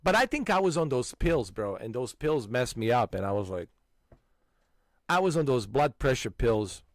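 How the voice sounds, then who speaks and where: A man hosting a gaming channel, loudly swapping stories with friends and breaking into frequent laughter and exclamations. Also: medium pitch, no echo, studio quality. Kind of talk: casual chat with friends.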